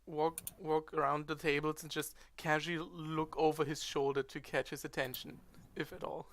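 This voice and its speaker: A woman's voice: low voice, little pitch movement, normal speed. A woman playing a tabletop game, describing her character's actions hesitantly and repeating words. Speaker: player.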